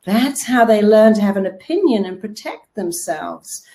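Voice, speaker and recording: A woman's voice: medium pitch, lively intonation, moderate pace, warm tone. A middle-aged woman therapist giving a motivational talk, telling stories with animation and acting out the voices she quotes.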